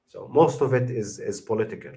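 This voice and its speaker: Young guy, casual livestream talk, lots of uhs and restarts, mid-pitched, gets emphatic. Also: brisk, dark tone. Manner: non-native English with many fillers and restarts, emphatic. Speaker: channel host reacting to a video.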